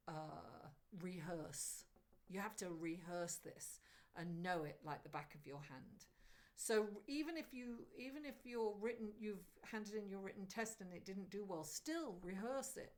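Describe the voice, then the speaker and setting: Woman, middle-aged, tarot reader, chatty and animated, mid-pitched voice. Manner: animated, chatty, addresses viewers directly. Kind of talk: live tarot reading, answering viewers.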